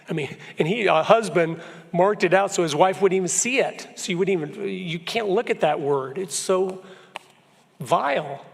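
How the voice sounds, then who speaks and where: A man's voice: sits high, moderate pace, gravelly, husky. Earnest man speaking in a reverberant church. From Florida. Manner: earnest storyteller, emphatic, shifts pace a lot. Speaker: guest speaker. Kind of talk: church talk with personal stories. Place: church sanctuary. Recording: long hall reverb.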